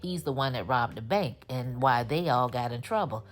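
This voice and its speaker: A woman giving a casual, animated recap of a TV episode, full of slang and her own commentary. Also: a bass voice, normal speed, soft background music. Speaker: TV recap host.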